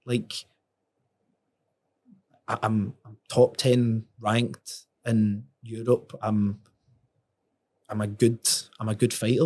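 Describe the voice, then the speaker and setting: A young man, a podcast guest telling a story in casual talk, sweary and animated, often restarting his words. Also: fairly low pitch, takes it slowly, pauses often.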